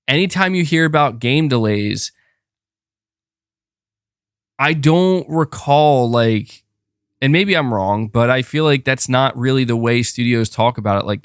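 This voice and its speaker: A streamer reads his chat and talks with viewers in a casual, rambling style, with lots of fillers and restarts. His voice is mid-range and clean-toned, recorded dry with clean studio sound.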